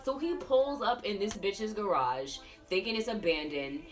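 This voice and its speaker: A woman's voice: mid-range voice, measured pace. A tipsy woman hosting a casual film review, telling the story in a profane, rambling, gossipy way. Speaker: host. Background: music playing.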